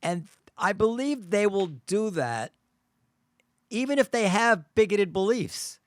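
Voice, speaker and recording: Halting man thinking out loud. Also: sits high, very animated, no echo, studio quality. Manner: thinking aloud, halting, many restarts. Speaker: host. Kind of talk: casual chat.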